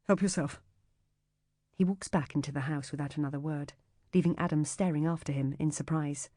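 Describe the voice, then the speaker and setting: Woman for thriller audiobook narration, low warm voice, dry close mic, measured and tense. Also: steady tone, no room sound.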